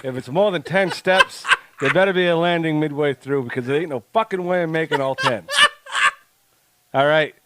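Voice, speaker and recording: A man's voice: fairly high pitch, moderate pace, very noisy. A man co-hosting a podcast, ranting in crude, joking, casual banter. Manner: loud, crude, joking rants. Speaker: podcast co-host.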